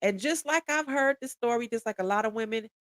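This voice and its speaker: A woman's voice: on the high side, a little fast, a bit bright, no echo, clean studio sound. Blunt, profane woman in her forties. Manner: blunt, profane and emphatic, restarting and repeating words. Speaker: podcast speaker. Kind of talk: candid podcast monologue.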